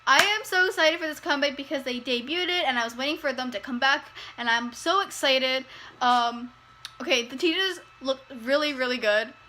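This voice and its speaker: A young woman with a high, bright, pushed voice reacts to a music video at normal speed, gushing, squealing and laughing as she watches. The poor audio carries a slight hiss or hum, and faint music from the video plays in the background.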